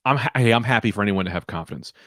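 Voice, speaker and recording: A man's voice: on the low side, racing, dry recording, studio quality. A man co-hosting a comedy podcast, telling rambling, profane stories in casual banter. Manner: rambling, animated storytelling with profanity. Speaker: podcast co-host.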